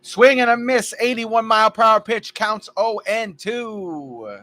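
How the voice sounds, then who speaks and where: A man doing casual play-by-play for a fan livestream, chatty and jokey, drifting into stories between pitches. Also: unhurried, bright, forceful tone.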